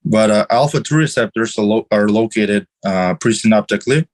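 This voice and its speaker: A man's voice: fairly low pitch, a little fast, low-quality recording. Guy on a podcast explaining stuff at length, lots of restarts. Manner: explanatory, many restarts and fillers. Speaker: podcast guest. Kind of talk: casual podcast chat about drugs.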